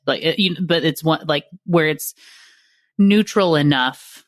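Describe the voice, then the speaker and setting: A podcast host talking in a relaxed way, sharing references and building on the guest's points. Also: medium pitch, measured pace, no echo, clean studio sound. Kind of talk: casual interview chat.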